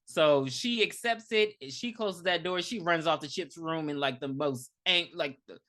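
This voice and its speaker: A woman with a low, fairly bright voice co-hosts a podcast, retelling a movie at a moderate pace in a casual review chat. Her account is loaded with fillers and laughter.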